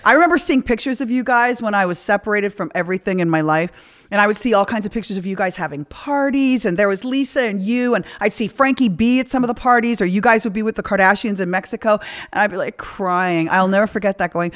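Woman guest, casual frank storyteller, acts out her quotes, mid pitch. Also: fast talker. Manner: candid storytelling with acted-out quotes. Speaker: podcast guest. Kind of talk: casual chat.

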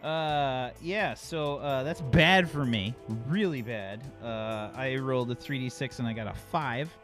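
A man's voice: mid-range voice, a little slow, fairly bright tone, soft background music. Loose-talking game master man. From United States. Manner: loose, filler-heavy. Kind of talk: running a tabletop game.

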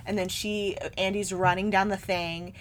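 A woman's voice: mid-range voice, moderate pace, a little hiss or hum. Chatty woman retelling a movie. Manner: animated retelling, acts out quotes with laughter. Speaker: podcast co-host recapping a film. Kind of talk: casual chat.

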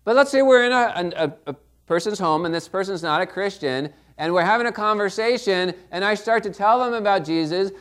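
A man's voice: high voice, a bit bright. A middle-aged man preaching a sermon in a conversational way, often checking in with the congregation. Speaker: pastor.

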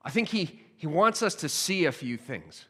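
Bright-voiced, expressive male preacher. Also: on the high side, normal speed, long reverb tail. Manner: expressive storytelling, swinging from hushed to excited. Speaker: pastor. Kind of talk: sermon.

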